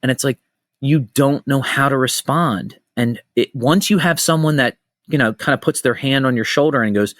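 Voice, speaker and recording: A middle-aged man hosting a casual podcast, telling stories in an animated way, swearing freely and jumping between tangents. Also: medium pitch, normal speed, no room sound, clean studio sound. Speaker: podcast host.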